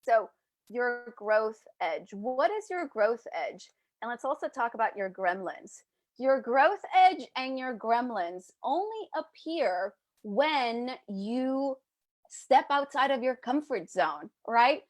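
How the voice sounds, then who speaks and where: An energetic woman coaching her group live, playful and quick to act out little voices. Her voice sits high, and the close mic keeps it dry with no room sound. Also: no room sound. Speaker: business coach.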